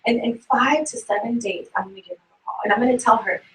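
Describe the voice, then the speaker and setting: A woman with a fairly high voice talks fast while giving a group a sales tip, asking them questions. She sounds distant from the mic in an echoey room with faint background noise. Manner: brisk, asks the audience questions. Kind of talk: motivational talk to a group.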